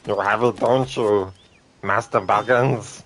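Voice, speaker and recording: A man voicing a wretched creature who hisses and whines over lost treasure, in a raspy, drawn-out voice. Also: on the low side, fairly even intonation, fairly bright tone, pitched above the performer's own voice. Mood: whining.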